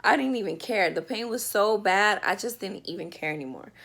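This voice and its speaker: A woman tells a personal story for her vlog, filming in a bedroom. Her voice sits at an ordinary pitch but carries a gravelly, creaky texture. She talks in a loose, chatty way, full of fillers. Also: lively intonation, fairly quick, fairly bright tone, a little hiss or hum. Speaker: vlogger telling a birth story. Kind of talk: casual storytime.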